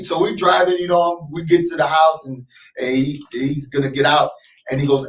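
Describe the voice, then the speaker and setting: An animated man tells a story as a radio interview guest and acts out every voice in it. His voice sits fairly high. He sounds set back from the mic in an echoey room. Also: a little fast, far from the mic. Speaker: interview guest, clothing designer.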